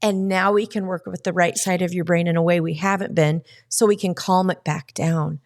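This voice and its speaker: Woman guest, casual storyteller, lowish voice, acts out quotes. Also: steady tone, normal speed. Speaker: podcast guest.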